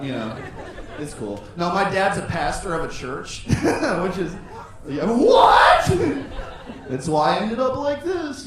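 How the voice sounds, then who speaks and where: Loose stand-up comic in a roomy club. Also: male voice, fairly high pitch. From USA. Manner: loose, bursts into shouted voices. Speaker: stand-up comedian. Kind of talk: stand-up set with crowd work. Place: comedy club stage with live audience. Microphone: handheld stage microphone. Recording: roomy club sound, mic at a distance, audience laughter.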